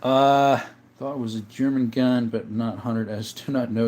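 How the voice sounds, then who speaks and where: A man hosting a live stream in a casual chat style, reading out viewer comments and answering them in a relaxed, easygoing way. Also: medium pitch, moderate pace. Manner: relaxed, with frequent uh and um.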